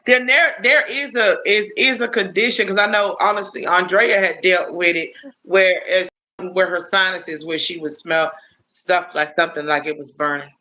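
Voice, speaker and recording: A woman's voice: lowish voice, fairly even intonation, moderate pace, sharp tone, low-quality recording. A woman in her fifties chatting casually on a live stream, rambling through stories with lots of restarts. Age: 50s.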